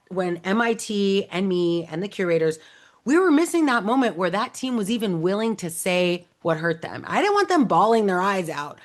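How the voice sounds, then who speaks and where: Chatty woman in her 30s telling a story, acts out what people said, lots of "like". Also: mid-range voice. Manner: animated, acts out quoted dialogue, many "like" fillers. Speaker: AI educator. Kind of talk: casual storytelling talk.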